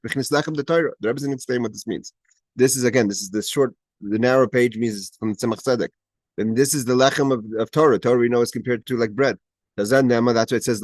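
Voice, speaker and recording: A man's voice: medium pitch, a little mellow, dry recording. Man teaching a Chassidic text. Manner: reads Hebrew phrases, then translates them; frequent restarts, rising emphatic questions. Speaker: Torah teacher. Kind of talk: explaining a Chassidic text in class. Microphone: video call.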